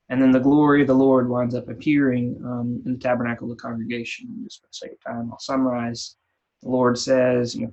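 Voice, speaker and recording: A man's voice: mid-range voice, little pitch movement, brisk, darkish tone. A man leading a casual Bible study in a church, retelling scripture in plain, folksy everyday terms. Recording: dull lo-fi recording.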